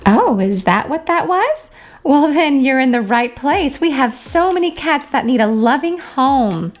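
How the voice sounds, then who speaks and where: A woman voicing two cheerful young sisters who run a pet rescue in a doll-play story, bright and politely chirpy. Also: sits high, animated, measured pace, slight background noise.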